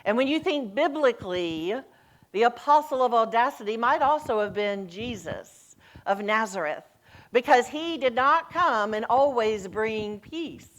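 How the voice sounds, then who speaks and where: Woman, minister, sermon, animated storytelling, middle-aged. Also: on the high side, measured pace. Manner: lively storytelling, voice rising and falling, acts out quoted lines. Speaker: senior minister.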